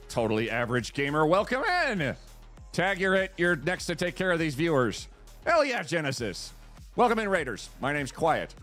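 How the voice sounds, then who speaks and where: A man hosts a live stream in easy, rambling chat, quick to get excited. His pitch swoops up and down a lot. Faint music plays behind him. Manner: rambling, excitable, thanks viewers. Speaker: streamer host.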